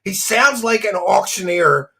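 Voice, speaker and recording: A man hosts a casual commentary stream with a bright, tense voice that sits a little high. He mocks his subject, laughs often and reads out donor names. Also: animated, unhurried, vocal fry.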